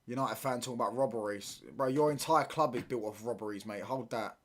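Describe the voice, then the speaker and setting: A man's voice: mid-range voice, brisk, few pauses. A man, ranting in heavy slang and repeating himself as he hosts a live football watchalong stream.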